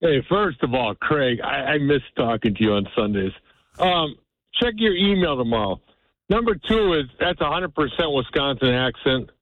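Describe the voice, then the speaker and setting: A man's voice: mid-range voice, sing-song, normal speed, dry recording. A man calling in to a sports radio show with a blunt, joking manner. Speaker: caller. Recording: tinny phone line.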